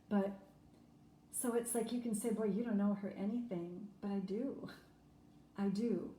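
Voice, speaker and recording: A woman's voice: mid-range voice, warm tone. A woman speaking earnestly to camera about her own life, heartfelt, with many "you know"s. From Germany. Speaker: vlogger. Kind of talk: personal reflective talk to camera. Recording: echoey room with faint noise.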